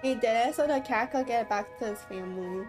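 Teary woman streamer, higher voice. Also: brisk. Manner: emotional, rambling reactions to the story. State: teary after crying. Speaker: game streamer. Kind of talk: live game playthrough commentary. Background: game music.

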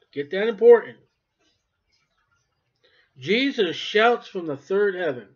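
Emphatic high-voiced man preaching. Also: animated, slow pace, long pauses, slightly rough. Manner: emphatic, swings between loud and quiet. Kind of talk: sermon. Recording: dull lo-fi recording.

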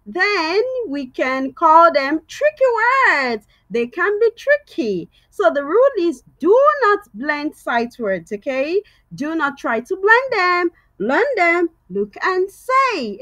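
Bright, lively woman teaching young kids. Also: very high-pitched, takes it slowly, hardly any pauses. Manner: sing-song, coaxing, repeats words loudly for kids to echo. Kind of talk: children's reading lesson.

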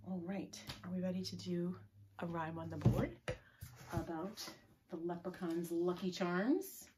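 Woman, children's librarian, story time, unhurried, soft whispers, drawn-out words. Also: lowish voice. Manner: gentle, often drops to a whisper, drawn-out words.

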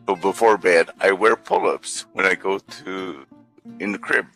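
A man player in voice chat, speaking in halting, childish baby talk. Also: low-pitched, creaky, a bit bright, faint music behind, rough recording. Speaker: player in a virtual world.

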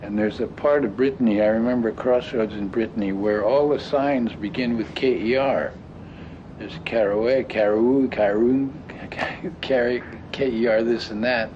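An older man reminiscing in an interview, talking haltingly with many restarts and fillers. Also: medium pitch, steady tone, a little mellow. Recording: dull lo-fi audio with clear noise.

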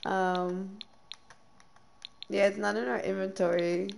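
A young woman streaming a life-sim game, chatting casually with lots of ums and quick bursts of dismay. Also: mid-range voice, level tone, creaky, a little mellow, slight background noise. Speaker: gameplay streamer. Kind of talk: casual gameplay commentary.

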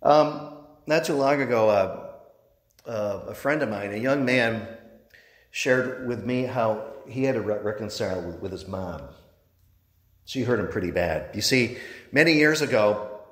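Male priest, sermon, storytelling, halting restarts, roomy long church reverb. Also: on the low side, a bit bright.

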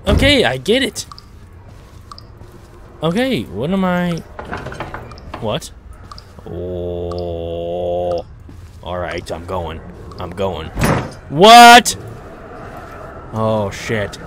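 Man, horror game commentary, slow talk, lively pitch, jumpy, faint noise behind. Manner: jumpy, swears, shouts when startled. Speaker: gaming video host.

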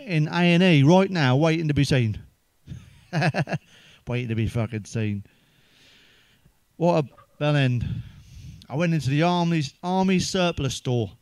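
An English stand-up comedian fires off crude one-liners, swearing freely and chuckling at his own punchlines. His voice sits a little high for a man. The sound is dry and close, with no room echo. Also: darkish tone. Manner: swears heavily, laughs at his own jokes; sips a drink between jokes.

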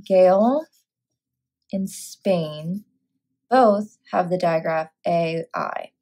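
Woman teacher slowly reading aloud. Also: fairly low pitch, mellow. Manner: slow, clear, carefully sounding out words. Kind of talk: classroom read-aloud and phonics lesson.

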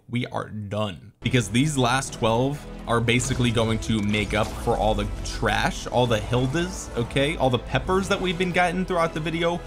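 Young male gaming creator, mid-pitched, lively, ranting and joking over faint game music. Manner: exasperated, joking rants at the game. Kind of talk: gameplay commentary.

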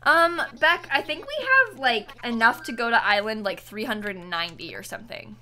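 Bright-voiced young woman chatting on stream. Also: on the high side, animated, moderate pace. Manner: chatty, reads chat names and thanks viewers. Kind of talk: casual live-stream chat. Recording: music playing under the voice.

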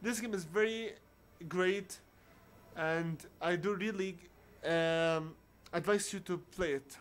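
A man giving casual commentary on a video game playthrough, talking haltingly with many restarts and searching for words. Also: high voice, fairly even intonation, a little hiss or hum. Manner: reads on-screen dialogue aloud in his own voice. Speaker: video game let's player.

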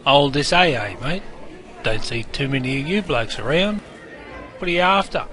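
A man's voice: a little high, animated, moderate pace, a bit bright, some chatter behind. An Australian-accented man playing a brash, chummy pub barman who talks in slangy, matey banter. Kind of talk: scripted character narration.

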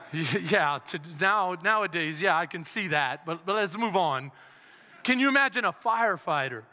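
Impassioned high-voiced pastor, echoing hall. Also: male voice. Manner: impassioned, shouting at climaxes, dramatic storytelling. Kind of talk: sermon.

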